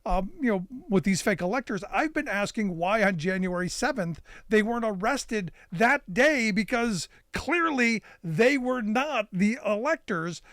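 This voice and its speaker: High-voiced man hosting a talk show. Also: fairly bright tone, no room sound. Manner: casual, questioning, conversational. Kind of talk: political talk show interview.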